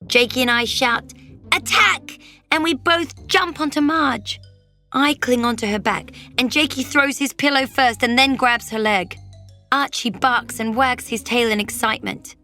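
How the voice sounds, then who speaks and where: A woman narrating a children's storybook as a young girl, lively and dropping into whispers for suspense. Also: a little high, normal speed, faint music behind. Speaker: audiobook narrator.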